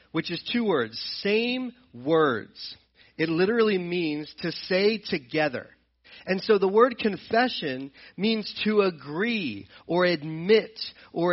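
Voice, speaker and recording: Man, sermon-style Bible teaching, fairly high pitch, explanatory, muffled lo-fi recording. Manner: earnest, explanatory, repeats and restarts phrases.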